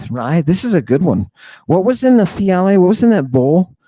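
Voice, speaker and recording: A man's voice: high voice, sing-song, moderate pace, mellow, no echo. A man hosting an irreverent, theatrical lecture, mocking and talking straight to his audience. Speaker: host. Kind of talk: irreverent lecture on ancient texts.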